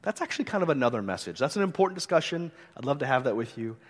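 A man's voice: medium pitch, sing-song, rapid-fire. A middle-aged man, a pastor, preaching a sermon in an earnest, conversational way and mixing scripture reading with light humor. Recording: long reverb of a hall.

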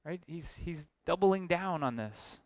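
A man preaching an expository sermon, emphatic and building to forceful points. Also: fairly high pitch, expressive, a little slow, dry recording. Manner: emphatic, rising to forceful exclamations.

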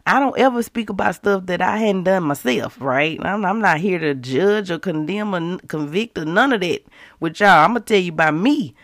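A Christian devotional host, an adult woman with children, teaches a casual devotional in a medium-pitched voice. She speaks directly to her listeners with emphatic, conversational energy, and the studio-quality recording has no echo.

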